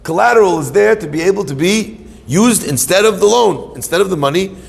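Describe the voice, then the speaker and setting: A middle-aged man, a rabbi, giving an animated sermon to a live audience. He tells stories, asks and answers his own questions, and mixes in Hebrew terms. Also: high voice, a little fast, gravelly. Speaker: rabbi teaching Torah. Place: hall with an audience. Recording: long reverb of a hall.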